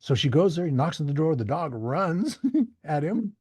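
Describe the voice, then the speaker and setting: Husky-voiced man telling animated stories. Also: medium pitch, moderate pace, dry recording. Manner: animated, acts out quoted voices. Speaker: podcast guest. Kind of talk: casual storytelling.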